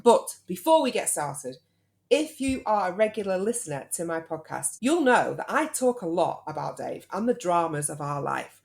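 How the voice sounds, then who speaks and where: Low-voiced British woman hosting a podcast. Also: sing-song, normal speed, vocal fry, darkish tone. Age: 30s. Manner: chatty and teasing. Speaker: podcast host. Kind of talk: casual chat.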